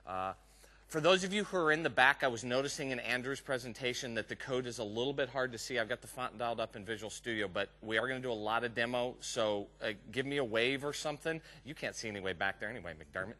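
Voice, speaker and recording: A Texan conference speaker with a Southern accent gives a live technical talk, chatting and joking with the audience in the room. His medium-pitched voice is fast, bright, and forceful.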